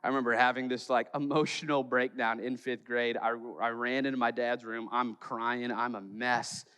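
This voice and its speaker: A pastor from Chicago preaching a sermon in church, telling stories with jokes and playful acted quotes. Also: male voice, medium pitch, flat delivery, moderate pace, bright, forceful tone, clean tone, in a large hall. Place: church sanctuary.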